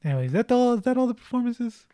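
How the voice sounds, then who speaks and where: A man's voice: very high voice, very animated, rapid-fire, dark tone, no echo, studio quality. A man chatting casually about a movie, laughing often and retelling scenes.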